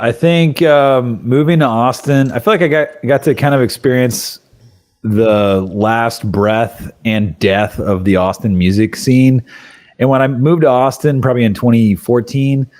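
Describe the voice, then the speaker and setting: A man, a musician, chatting as a podcast guest in a relaxed, laid-back way. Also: medium pitch, a little slow. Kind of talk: casual interview chat.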